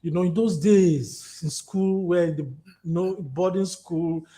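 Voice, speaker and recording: Man, 50s, Nigerian accent, high voice, animated storytelling, interview guest. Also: unhurried. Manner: animated, storytelling, repetitive emphasis. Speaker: activist guest. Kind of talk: conversational interview.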